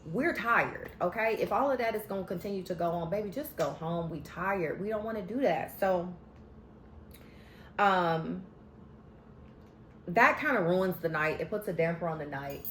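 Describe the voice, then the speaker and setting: A woman's voice: lowish voice, normal speed. Sassy woman vlogger in a roomy room. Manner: sassy, animated, talks straight to viewers. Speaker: vlogger recapping a TV show. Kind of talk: casual recap commentary. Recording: roomy echo, faint background hum.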